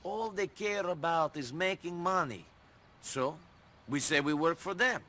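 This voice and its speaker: A man's voice: fairly high pitch, a little slow, bright, forceful tone. An actor playing a dry, sarcastic tough-guy protagonist in a video game. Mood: calming. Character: sardonic tough immigrant man, dry and wry.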